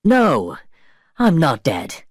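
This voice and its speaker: A man's voice: fairly high pitch, huge pitch swings, drawn-out words, dry recording, studio quality, pitched above the performer's own voice, full character voice. A man voicing a sly male pirate who pleads and bargains in a raised, eager voice in a storybook reading. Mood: pleading.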